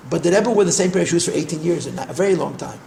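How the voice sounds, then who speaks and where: High-voiced older man telling rabbinic stories. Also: very fast, gravelly, slight background noise. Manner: repetitive, animated storytelling sprinkled with Yiddish and Hebrew terms. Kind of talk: storytelling talk. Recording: echoey room.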